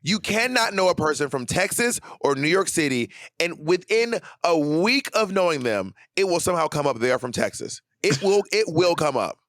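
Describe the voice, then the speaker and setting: Animated man teasing, dry close sound. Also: fairly high pitch, moderate pace, hardly any pauses, no echo. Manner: teasing, emphatic, repeats himself to make a point. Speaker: podcast co-host. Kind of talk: casual chat.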